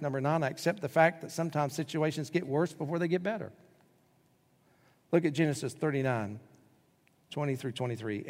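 A pastor preaching with dramatic swings, now loud and emphatic, now hushed and slow. His voice sits a little high for a man, and it rings with the long reverb of a large hall. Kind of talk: sermon.

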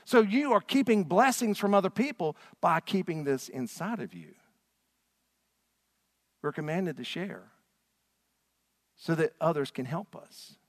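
A man's voice: sits high, animated, unhurried, pauses often, no echo, clean studio sound. A man preaching a sermon from a church stage, earnest and emphatic. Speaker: pastor.

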